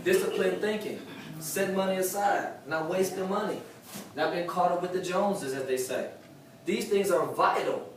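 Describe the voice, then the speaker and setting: A motivational speaker at a sales meeting addresses a live room at a moderate pace, preaching and saying his key points twice. His somewhat high voice is recorded from a distance and echoes through a very reverberant hall over faint room noise.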